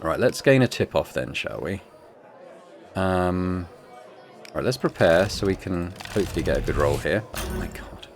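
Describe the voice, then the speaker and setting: A man's voice: sits low, animated, normal speed, pauses often, a faint crowd. A man playing a tabletop game solo and narrating it, groaning and swearing at his dice rolls.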